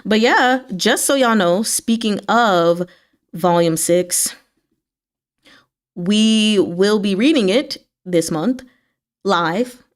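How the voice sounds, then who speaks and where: A woman hosting a book club livestream, chatting casually and answering her viewers' comments, with sudden jumps up in pitch. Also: slow pace, long pauses. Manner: chatty, animated pitch swings, talks back to chat.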